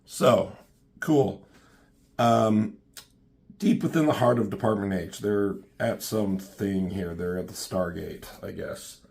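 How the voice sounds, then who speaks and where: A low, gravelly man talks through a comic story in a loose, rambling way. He swears freely, fills gaps with ums and tosses in side questions as he goes. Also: slow, darkish tone. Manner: rambling, profane, many ums and asides. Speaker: comic book reviewer. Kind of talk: casual comic recap.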